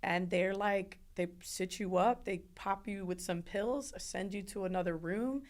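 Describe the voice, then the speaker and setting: A woman's voice: mid-range voice, unhurried, a little mellow. Young woman, interview guest, earnest heartfelt storytelling, repeats words. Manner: earnest, repeats words, acts out others' voices. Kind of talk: emotional personal storytelling.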